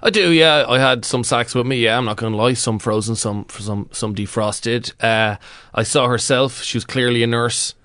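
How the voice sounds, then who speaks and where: A man's voice: medium pitch, normal speed, a bit bright, clear, resonant tone, no echo, lightly acted. A man playing a boastful, defensive self-styled pick-up artist, in an improvised comedy sketch recorded in a studio. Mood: smug. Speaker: studio guest.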